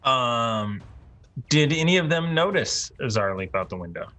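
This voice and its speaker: A man playing a tabletop game who hesitates and thinks out loud while he plays. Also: mid-range voice, expressive, moderate pace. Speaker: player. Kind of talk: casual tabletop play. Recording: faint music behind.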